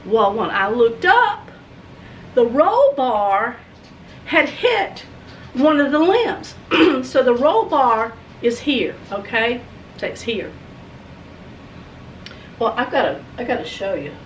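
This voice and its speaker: A woman's voice: fairly high pitch, big pitch swings, slow pace, long pauses, distant mic, slight background noise. A woman vlogger telling a story dramatically and acting out the scenes for her viewers. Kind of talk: animated storytelling vlog.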